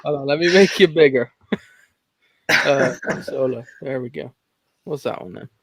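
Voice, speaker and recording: Gravelly-voiced man hosting a chat. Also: medium pitch, moderate pace, background noise. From England. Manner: rambling, laughs often. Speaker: host. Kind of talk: casual livestream chat.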